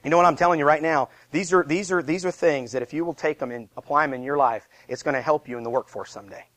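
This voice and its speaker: Lively higher-voiced man preaching. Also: quick pace, no echo. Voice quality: emphatic, repeats rhetorical questions. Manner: lively, conversational preaching with self-deprecating asides. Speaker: pastor. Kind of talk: sermon.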